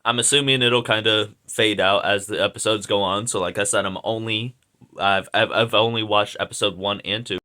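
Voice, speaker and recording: A man with a hoarse, slightly sick voice, rambling through a casual video review with lots of fillers and slang. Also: lowish voice, steady tone, normal speed, sharp tone. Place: indoors at home.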